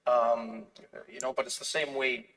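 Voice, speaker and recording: A man, a comedian being interviewed, telling stories in a lively way and acting out the voices of other people, often restarting his phrases. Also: mid-range voice, moderate pace, distant mic, poor audio. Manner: animated storytelling, acts out other people's voices, frequent restarts. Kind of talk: casual conversation.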